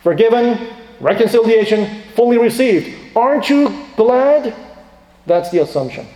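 A man preaching a sermon dramatically, swinging from loud emphatic questions to quiet asides. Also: very high-pitched, animated, unhurried. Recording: echoey reverberant hall.

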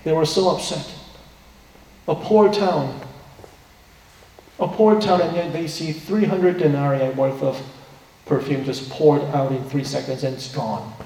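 A male pastor delivers a sermon in a soft-toned, slightly high voice, explaining the passage earnestly and posing rhetorical questions. He sounds distant from the mic. A large hall's long reverb trails after every phrase. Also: steady tone, measured pace, pauses often. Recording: echoey hall from far off.

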